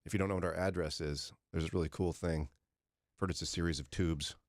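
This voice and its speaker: A man's voice: deep voice, fairly even intonation, fairly quick. A man hosting a morning radio show, chatting and joking with guests and reading out phone numbers. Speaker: radio host.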